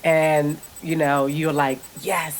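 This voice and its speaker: A woman co-hosting a podcast, telling a family story in a lively, laughing way. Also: lowish voice, brisk, over a noisy crowd. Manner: animated storyteller, laughs often. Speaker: podcast co-host. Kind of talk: casual storytelling chat.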